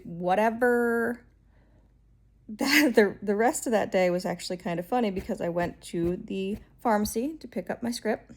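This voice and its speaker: A woman vloggers telling a personal story in a loose, rambling way. Her voice sits at an ordinary middle pitch, and she sounds exasperated and wry, full of ums and restarts. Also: unhurried, a little mellow. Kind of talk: casual storytelling vlog.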